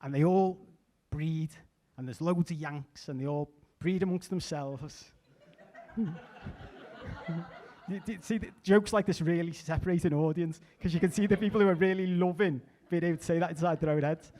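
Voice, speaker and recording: A man's voice: a little high, normal speed. Liverpudlian man doing stand-up. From England. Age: middle-aged. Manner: chatty, deadpan asides, repeats words when restarting. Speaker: stand-up comedian. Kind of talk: stand-up comedy set.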